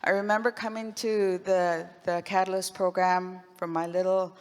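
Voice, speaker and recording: A woman from western Canada shares emotional remarks at a public event. Her delivery is heartfelt and halting, with restarts. The hall gives her voice a long reverb. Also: on the low side, little pitch movement, clean tone. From west coast of British Columbia, Canada. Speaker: program graduate speaking at an event. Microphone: stage microphone.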